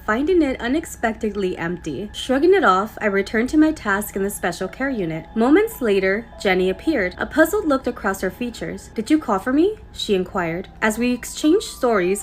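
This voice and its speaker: Woman host, playful story reader with asides, slightly high voice. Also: a little hiss or hum. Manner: playful, reacts between readings. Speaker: video host reading submitted stories. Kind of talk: reading stories aloud with commentary.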